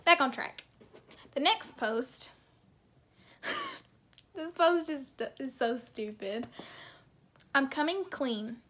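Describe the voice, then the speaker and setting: A woman's voice: sits high, huge pitch swings, slow pace, pauses often, bright, forceful tone. A young woman vlogger chatting casually and self-deprecatingly, with lots of fillers as she reacts to her posts.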